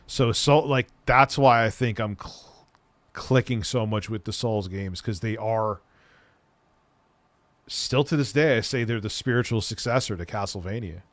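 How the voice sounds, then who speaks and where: Rambling, swearing male streamer, low voice. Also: a little slow, dry recording. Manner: rambling, enthusiastic, swears casually. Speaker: streamer host. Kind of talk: casual livestream chat with viewers.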